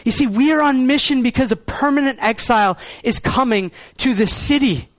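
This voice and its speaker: Young male pastor, very high voice, earnest sermon delivery, dry close recording. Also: no room sound. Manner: earnest, shifts between quiet low lines and quick pointed rhetoric.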